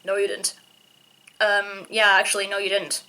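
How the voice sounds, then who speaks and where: A woman giving casual film commentary, sarcastic and ranting, with loud exasperated outbursts. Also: medium pitch, monotone, normal speed. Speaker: film reviewer.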